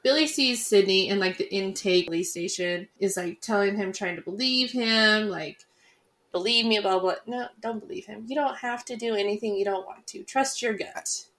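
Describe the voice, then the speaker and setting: A woman co-hosting a podcast, talking through a movie plot in a relaxed, conversational way. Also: medium pitch, normal speed, few pauses. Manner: relaxed, conversational, frequent "like" fillers. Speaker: podcast co-host. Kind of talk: casual movie recap chat.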